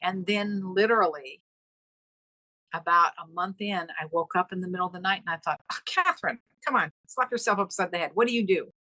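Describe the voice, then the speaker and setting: On a podcast interview, a middle-aged female guest tells an emotional story from her own life at a brisk clip. She is lively, and her voice leaps in pitch as she performs the dialogue. The recording is poor in quality, though free of echo.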